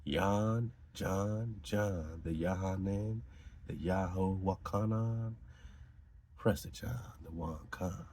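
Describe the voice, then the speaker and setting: Male podcast host, deep and husky, slow, emphatic lore riffing. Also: darkish tone. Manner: emphatic, preachy, laughs between lines. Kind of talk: reading aloud and riffing on esoteric lore.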